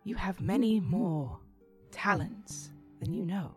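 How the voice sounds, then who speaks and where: A woman's voice: medium pitch, slow pace, soft background music. A woman voicing a tender, kind goddess. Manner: soft, calm and reassuring. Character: gentle, tender female goddess, ever-changing and kind. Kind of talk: tabletop role-play voicing.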